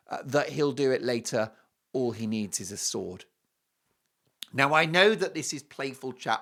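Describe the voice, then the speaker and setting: British male host, lively scornful commentary, bright, ranging voice. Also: a little high. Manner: animated and mocking, with scornful asides. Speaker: talk show host. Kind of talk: opinionated commentary on clips.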